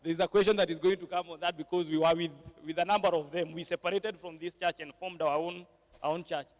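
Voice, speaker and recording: A man's voice: on the high side, fairly even intonation, fast, in a large hall. A man moderating a church panel discussion, switching between English and Swahili, with frequent fillers and tag questions.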